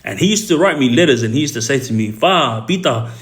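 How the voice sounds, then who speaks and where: An Australian man, formerly in prison, casually recounts his story on a livestream in an animated, mid-range voice. He stops often, leaning on fillers and repeating words.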